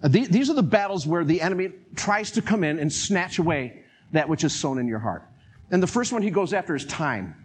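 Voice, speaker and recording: An older man preaching a sermon in an animated way, acting out quotes and chuckling as he talks. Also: fairly high pitch, brisk, husky.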